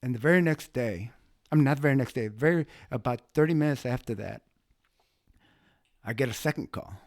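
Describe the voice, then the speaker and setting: Halting, emotional man telling a story. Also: mid-range voice, no room sound, studio quality. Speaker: guest, bystander who helped. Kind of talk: casual storytelling.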